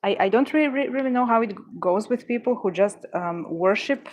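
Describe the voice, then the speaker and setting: A woman's voice: fairly high pitch, expressive, fairly quick, darkish tone. Stuttering woman chatting casually. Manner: stutters, with many restarts and fillers. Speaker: livestream host. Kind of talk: casual chat answering viewers.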